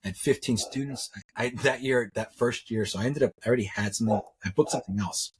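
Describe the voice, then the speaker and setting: Husky-voiced man telling a story. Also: medium pitch, fast talker. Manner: rambling, repeats words, acts out quotes. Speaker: interview guest, metalsmith. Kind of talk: casual storytelling.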